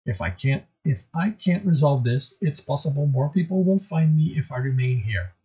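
A man voicing a guarded alien male mercenary who speaks tersely, in a lower, husky voice. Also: very animated, normal speed, dark tone, exaggerated voice. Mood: reserved. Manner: terse, reserved.

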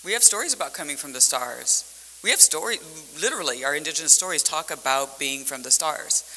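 Woman panelist, conference talk, bright voice, lively storyteller. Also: low-pitched, brisk, slight background noise. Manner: animated storytelling with vivid metaphors. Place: conference hall. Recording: echoey conference hall.

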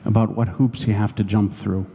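A man's voice: fairly low pitch, little pitch movement, moderate pace, gravelly, mellow, slight background noise. A man preaching a sermon as pastor, telling a personal story in a conversational way. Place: church sanctuary. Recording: long church reverb.

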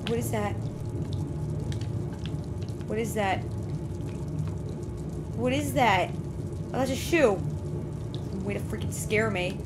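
A woman's voice: medium pitch, takes it slowly, pauses often, heavy background noise. A woman hosting a horror game let's play, jumpy and often screaming and repeating herself as she comments.

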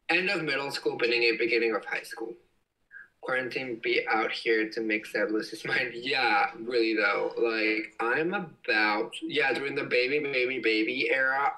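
Young man, livestream host, giggly, gushing, crisp bright voice, slightly distant mic. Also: medium pitch. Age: young adult. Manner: excitable, giggly, gushing exclamations. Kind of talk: casual livestream chat reading viewer comments.

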